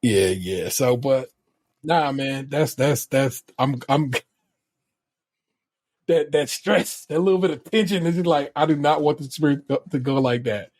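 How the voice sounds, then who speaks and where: Man, podcast co-host, casual, reassuring, husky, mid pitch. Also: a little slow, darkish tone, dry recording. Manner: laid-back, reassuring, stumbles over words. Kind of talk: casual chat.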